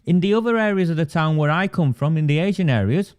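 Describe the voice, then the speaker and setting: A man's voice: on the high side, animated, quick pace, a little mellow, clear, resonant tone. Guy ranting on his livestream, fired up, answers chat comments as he goes. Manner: indignant, emphatic, reads viewer comments aloud. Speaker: livestream host.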